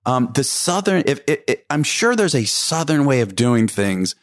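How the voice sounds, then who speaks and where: A man hosts a relaxed interview in a friendly tone, often stumbling and repeating words as he frames his questions. His voice sits at an ordinary middle pitch for a man. He chuckles along with his guest. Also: normal speed. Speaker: podcast host. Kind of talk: casual interview chat.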